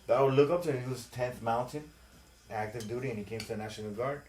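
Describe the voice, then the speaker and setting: A man's voice: medium pitch, quick pace, darkish tone. Podcast host, man in his forties, mid-range voice, casual profane storyteller, echoey room. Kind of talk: casual chat. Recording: roomy echo.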